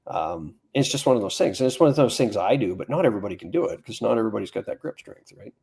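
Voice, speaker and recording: Gravelly, husky man telling shop stories. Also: fairly low pitch, lively intonation, darkish tone. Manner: anecdotal, plain-spoken, quick asides. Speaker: firearms instructor guest. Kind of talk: casual podcast conversation.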